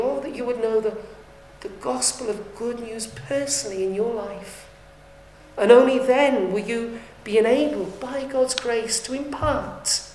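Woman preacher delivering a sermon with earnest fervour; slightly high voice, roomy echo. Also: darkish tone, slight background noise. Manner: earnest, rising to fervent appeals. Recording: echoey room.

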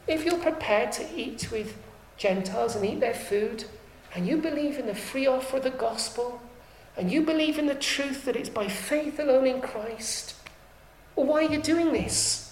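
A woman's voice: sits high, normal speed, a little mellow, slight background noise. A woman preaching a sermon, emphatic, driving her points home with repeated rhetorical questions. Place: church. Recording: echoey church room.

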